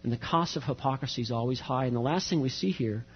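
A man's voice: mid-range voice, fast, breathy edge. A middle-aged man preaching a sermon as pastor, earnest and direct, mixing scripture reading with personal stories. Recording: dull recording with long hall reverb.

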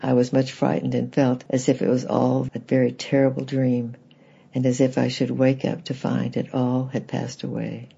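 A man reading a children's book aloud in gentle, plain storybook narration, with a husky, gravelly voice. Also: medium pitch, completely flat delivery, moderate pace, dull audio.

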